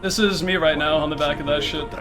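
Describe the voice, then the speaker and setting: A young man streaming a speedrun, pleading and swearing at the game, then cheering excitedly. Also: on the high side, fast. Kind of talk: live gameplay commentary. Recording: game music behind.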